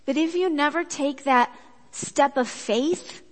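A woman giving a sermon with a personal story, in a chatty, animated way that acts out quotes. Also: high-pitched, slow pace. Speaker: speaker at a church gathering. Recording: echoey hall.

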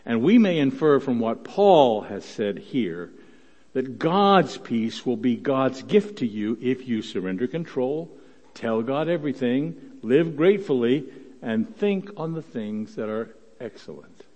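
A man preaching a sermon as pastor, telling a Bible story and voicing its quotes with rising force, often repeating words and clearing his throat. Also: medium pitch, lively intonation, a little slow, warm tone. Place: church sanctuary. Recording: dull sound, long church reverb.

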